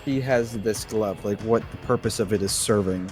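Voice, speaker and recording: A man's voice: fairly low pitch, normal speed, over loud music. A man playing a tabletop game who chats casually and rambles, restarting his sentences often. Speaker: player.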